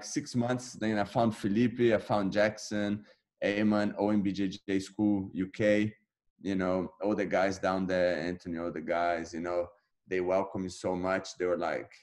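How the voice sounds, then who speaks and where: A man in his thirties, a guest on an interview, telling his story casually and acting out past conversations with lively energy. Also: deep voice. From Brazil. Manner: animated, acts out his own past dialogue. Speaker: interview guest, jiu-jitsu black belt.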